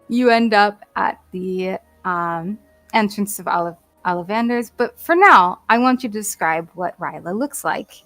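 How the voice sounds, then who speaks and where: A woman narrating a tabletop role-playing game as game master, unhurried and hesitant, with many fillers and small laughs. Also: medium pitch, expressive, fairly bright tone, no echo, faint music behind.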